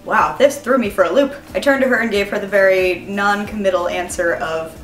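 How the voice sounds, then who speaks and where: A woman telling a personal anecdote in a wry, animated way. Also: medium pitch, fairly quick, soft background music. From New York area resident. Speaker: storyteller. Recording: roomy, distant mic.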